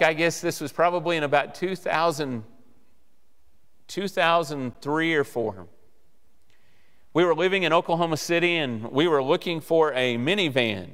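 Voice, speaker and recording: Male preacher, storyteller type; resonant, slightly high voice; reverberant church sound. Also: smooth. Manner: animated storyteller acting out dialogue. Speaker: guest preacher. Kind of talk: sermon storytelling. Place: church sanctuary.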